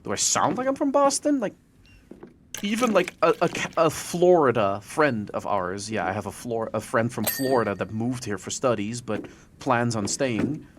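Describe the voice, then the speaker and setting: A man from the Netherlands, a native Dutch speaker, chatting in English as a podcast host and telling stories in an animated, self-deprecating way. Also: medium pitch, normal speed, a little hiss or hum. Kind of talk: casual podcast chat.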